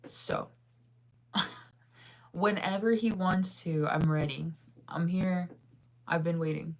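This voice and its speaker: In a steady tone at a measured pace, with frequent pauses, a lowish-voiced vlogger in her thirties reads live chat and chats casually. She yawns from tiredness and rambles, saying "like" constantly.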